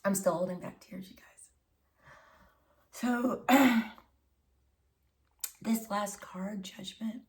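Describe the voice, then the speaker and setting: A woman's voice: medium pitch, takes it slowly, long pauses, recorded from a distance. A woman giving a channeled tarot reading, intimate and emotional, often dropping to a whisper and calling listeners honey and baby. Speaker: tarot reader.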